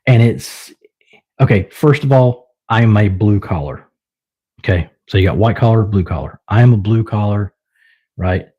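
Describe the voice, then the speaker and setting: A man's voice: fairly low pitch, lively intonation, moderate pace, mellow, husky, muffled recording. A young man with a Southern US accent, chatting loosely with viewers on his own live stream, rambling with lots of fillers. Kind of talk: casual live stream chat.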